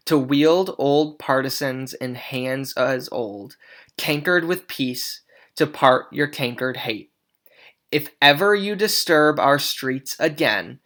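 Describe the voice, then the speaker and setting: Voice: medium pitch, fairly bright tone. A teacher reading a stern, commanding prince aloud from the play, declaiming with small slips.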